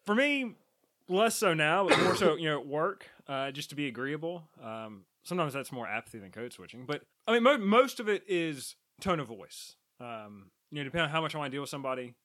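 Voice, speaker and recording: A man from the American South with little trace of a drawl, talking in a dry, measured way in a casual podcast chat. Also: fairly high pitch, very animated, fairly bright tone. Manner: speaks rapidly, measured and dry.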